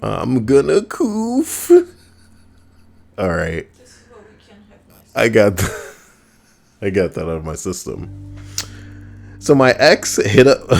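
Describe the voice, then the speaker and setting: An online commentator with a low, darkish voice reads stories aloud and reacts with crude, mocking humor, ranting as he goes.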